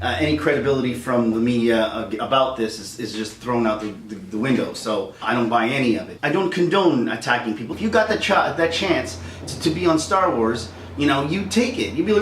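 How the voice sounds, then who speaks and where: Middle-aged guy ranting on his vlog, all over the place pitch-wise, echoey room, mic kinda far. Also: a little fast, hardly any pauses. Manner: heated, animated, acts out voices. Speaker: vlogger. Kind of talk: angry rant. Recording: roomy echo, distant mic, faint noise.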